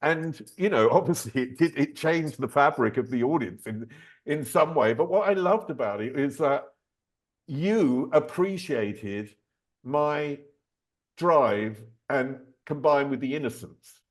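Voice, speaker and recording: A man's voice: mid-range voice, animated, unhurried. A man hosting an interview, telling a story in a chatty way and laughing as he talks. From southern England. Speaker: podcast host, interviewer. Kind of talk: casual interview chat.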